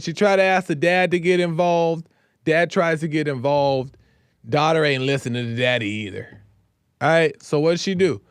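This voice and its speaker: A man hosts a show and talks through a crime case like he's telling a friend, tossing in "right?" after nearly every beat. His voice sits a bit high and sounds smooth and clean. The recording is dry and close. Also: dry recording. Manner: conversational, keeps checking in with "right?". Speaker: host. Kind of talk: casual true-crime storytelling.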